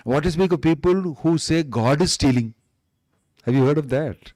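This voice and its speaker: A man's voice: on the high side, normal speed, dark tone, dry recording, studio quality. A man giving a sermon as a swami, emphatic and repetitive, stretching out key words. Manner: emphatic, repeats points, draws out key words. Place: temple hall.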